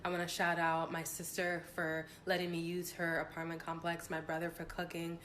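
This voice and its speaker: A young woman in her twenties with a slightly low voice, telling a personal story to her camera. She sounds heartfelt and reflective, and a faint hiss of room noise sits behind her. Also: completely flat delivery, normal speed, a bit bright. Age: 20s. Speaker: vlogger.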